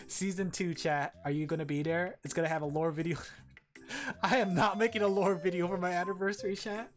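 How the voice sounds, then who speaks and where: A woman's voice: lowish voice, fairly even intonation, brisk. A woman with an Australian accent chatting playfully with her stream viewers, giggling and joking dramatically. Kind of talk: casual stream chat with viewers.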